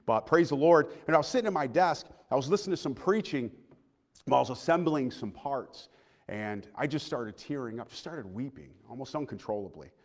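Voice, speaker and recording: A man in his thirties preaching a personal sermon in a church, earnest, moving between loud appeals and hushed, quiet passages. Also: mid-range voice. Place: church sanctuary. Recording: long church hall reverb.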